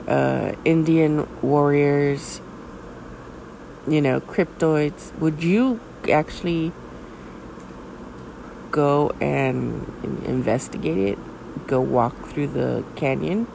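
A woman's voice: low-pitched, gravelly, dark tone, a little hiss or hum, low-quality recording. A woman hosting a podcast in casual chat, rambling with lots of fillers and frank, a bit crude. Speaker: podcast host.

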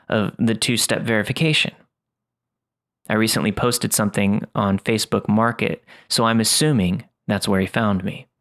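A man reading first-person horror stories aloud in a steady, scripted narration. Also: fairly low pitch, vocal fry.

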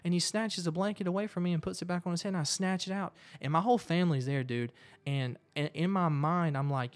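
A man telling a personal story as a guest, animated and quick. He stumbles over and repeats words as he rushes ahead. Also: sits high. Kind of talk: storytelling in conversation.

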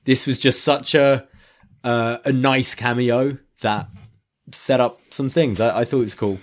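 A man's voice: mid-range voice, fairly even intonation, measured pace. A man co-hosting a casual wrestling review podcast, giving wry, thoughtful opinions. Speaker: podcast co-host.

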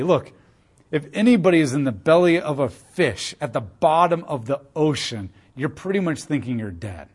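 A man delivers sermon-style Bible teaching in a voice that sits a little high. He moves between reading scripture aloud and offering casual, emphatic commentary.

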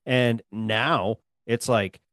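A man's voice: medium pitch, steady tone, drawn-out words, fairly bright tone, no echo. Laid-back middle-aged man reminiscing. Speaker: podcast co-host. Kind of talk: casual podcast chat.

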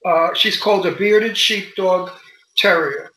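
An older man chats as an interview guest, spinning bawdy stories with animated relish. His voice sits high and sounds sharply bright. The call carries a roomy echo around him. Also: unhurried. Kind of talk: casual interview chat. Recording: echoey room.

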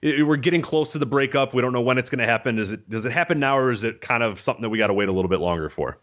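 A man's voice: mid-range voice, racing, a bit bright. A man hosting a casual podcast, firing off questions and tripping over his words. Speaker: podcast host.

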